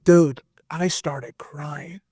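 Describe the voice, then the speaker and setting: A man guest on a podcast, telling a personal story in a casual, animated way with lots of fillers. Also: on the high side, very slow, breathy edge, no room sound, clean studio sound. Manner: animated, expressive, full of fillers. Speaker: podcast guest, metal vocalist.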